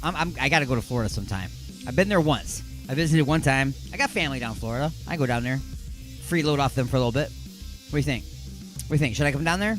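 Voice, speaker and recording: A middle-aged man hosting a call-in radio show from a studio, joking and rambling excitedly. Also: medium pitch, quick pace, soft background music. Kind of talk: casual call-in radio chat.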